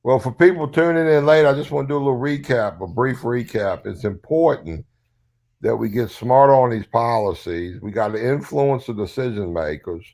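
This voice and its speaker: A man's voice: medium pitch, lively intonation, normal speed, creaky, darkish tone. An older man with a Southern US accent, a recovery advocate talking bluntly and profanely in a casual chat.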